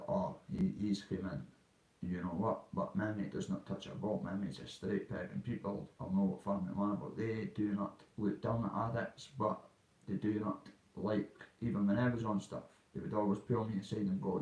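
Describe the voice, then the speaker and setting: Speaking at a moderate pace in a dark-toned, lowish voice with fairly even intonation, a Dundee man in his thirties rambles bluntly through a casual vlog monologue. He leans on local Scottish slang, and he sounds roomy and off-mic.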